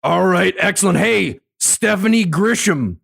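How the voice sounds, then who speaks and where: A man playing a brash woman press secretary, roasting in a deadpan way at a live comedy show. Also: high-pitched, a little slow, vocal fry, slightly rough, full character voice.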